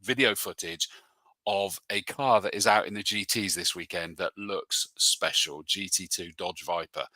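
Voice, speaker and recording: A man's voice: deep voice, measured pace, bright, forceful tone, no echo. Man, motorsport commentator, casual matey chat, bone-dry close sound. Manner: chatty and matey, calls people mate. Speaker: motorsport commentator hosting a live show. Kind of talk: casual live-stream chat, reading viewer comments.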